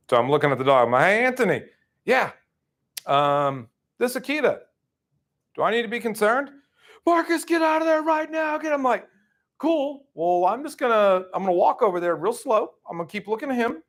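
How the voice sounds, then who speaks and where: A middle-aged man leading a sales training, telling stories casually and acting out quoted lines with sudden jumps in pitch. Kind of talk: casual training talk with storytelling.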